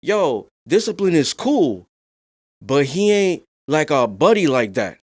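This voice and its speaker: A young adult man hosting a podcast, talking in a casual discussion, soft-spoken and calm but rising to animated emphasis. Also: on the high side, slow, no room sound, clean studio sound. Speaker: podcast host.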